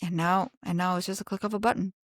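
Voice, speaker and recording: Chatty woman with a low voice. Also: fairly even intonation, fast talker, dry recording, studio quality. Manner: chatty, laughs often, many fillers. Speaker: podcast co-host. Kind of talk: casual chat.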